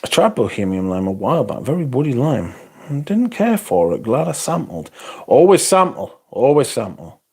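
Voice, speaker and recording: A man's voice: mid-range voice, very animated, normal speed, mellow, breathy edge. A British man hosting a casual livestream, reading chat and answering in a blunt, sarcastic, sweary way.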